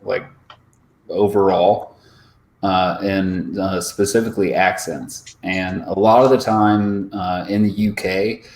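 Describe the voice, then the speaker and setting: Casting: man, thirties, low-pitched, rambling casual talker, roomy room with faint noise. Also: steady tone, takes it slowly, darkish tone. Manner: rambling, filler-heavy, profane. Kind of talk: casual chat.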